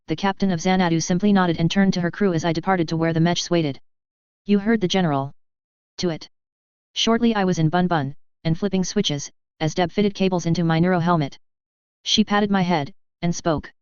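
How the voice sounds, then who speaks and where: A woman narrating a military science fiction story, reading every character in the same steady, even voice. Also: lowish voice, fairly quick, smooth, no room sound, lo-fi sound. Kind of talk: audiobook narration of web fiction.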